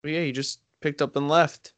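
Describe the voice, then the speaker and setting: A man's voice: on the high side, flat delivery, a little fast, fairly bright tone, no echo. A man in casual chat with friends, joking and mock-threatening, from a rural area.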